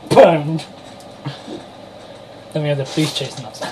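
A man's voice: on the high side, fast talker, slight background noise, poor audio. A man co-hosting a podcast, laid-back and teasing in casual banter. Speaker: podcast co-host.

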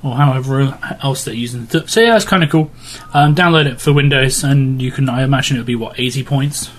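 A man's voice: mid-range voice, brisk. A man hosting a casual gaming podcast, chatty and rambling with fillers. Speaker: podcast host. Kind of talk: casual chat.

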